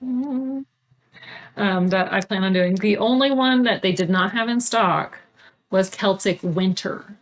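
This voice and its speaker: A woman's voice: medium pitch, unhurried. A woman co-hosting a cross-stitch video podcast, chatting casually and showing off her craft supplies, with lots of fillers. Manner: chatty, bubbly, filler-heavy. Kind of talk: casual chat. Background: TV playing.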